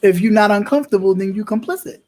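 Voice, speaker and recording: A man's voice: high voice, fast talker, darkish tone. A man hosting a political talk show, speaking with impassioned, emphatic repetition. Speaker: host.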